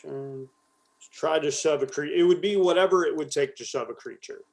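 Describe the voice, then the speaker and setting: Male player, a bit high-pitched; hesitant rule-checking. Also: moderate pace, vocal fry. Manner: hesitant, thinking aloud. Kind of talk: casual tabletop play.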